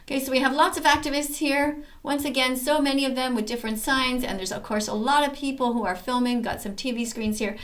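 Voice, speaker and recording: A woman's voice: high-pitched, steady tone, fairly quick, few pauses, a bit bright. A woman hosting casual commentary over activist videos, talking in an emphatic, enthusiastic way. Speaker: host reacting to activist videos.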